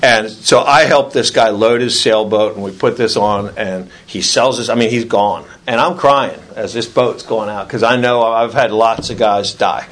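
A man's voice: fairly low pitch, moderate pace, few pauses, a bit bright. A man sharing a story at a recovery meeting, acting out other people's lines in raised voices. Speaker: AA speaker sharing his story.

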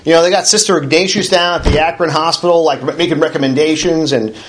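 Fairly high-voiced middle-aged man telling his story. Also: fast, slight background noise. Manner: conversational storytelling with frequent restarts; wry self-deprecating humor. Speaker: recovery meeting speaker. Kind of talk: personal recovery talk.

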